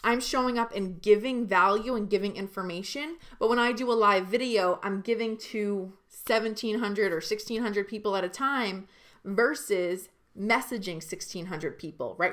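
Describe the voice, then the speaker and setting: A woman's voice: a little high, a bit bright. A woman business coach giving a live online training, speaking emphatically and talking directly to her viewers.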